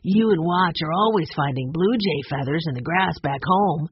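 A calm, polite older boy who speaks evenly and kindly, read by a woman in a slightly husky voice. The recording is dry and a little dull. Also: sits low, moderate pace, no echo.

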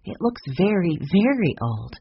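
A woman's voice: lowish voice, very animated, unhurried, dull audio, slight background noise. A woman voicing a sensible, caring older girl in an audiobook reading.

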